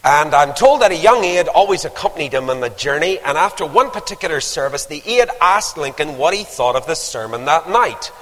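An older man preaching, his voice sitting a little high and swinging widely as he moves from anecdote to fervent exhortation. His words ring out into a long hall reverb, as in a large church. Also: expressive, brisk, hardly any pauses, fairly bright tone. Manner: storytelling, rising to emphatic exhortation. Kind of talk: sermon.

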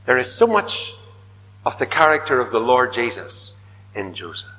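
Preacher guy, dramatic sermon, goes big then hushed, long echoey hall sound. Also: mid-range voice, very animated, normal speed. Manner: dramatic, swinging from loud declaiming to hushed whispers. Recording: reverberant hall.

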